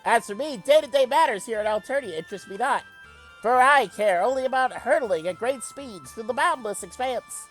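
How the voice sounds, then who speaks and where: A man's voice: very high-pitched, lively intonation, normal speed, fairly bright tone, faint music behind, voice pushed up. A man voicing a bombastic, space-obsessed male alien tinkerer in an old-timey newsreel announcer style, with grandiose, flowery phrasing.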